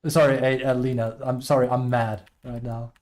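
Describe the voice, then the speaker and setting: A man gives live gameplay commentary on a team game at normal speed, his medium-pitched, darkish voice barely shifting in pitch. He's frustrated, complaining about a teammate and at times muttering off under his breath.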